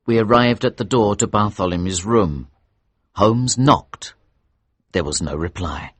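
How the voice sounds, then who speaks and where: A man reading a story aloud for English learners, slow, clear and expressive. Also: on the low side, no echo.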